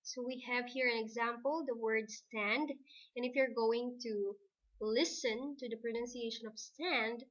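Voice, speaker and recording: A woman teacher with a Filipino English accent gives a recorded lesson. She talks slowly and deliberately, spelling things out one at a time. Her voice sits a little high. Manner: slow, deliberate dictation.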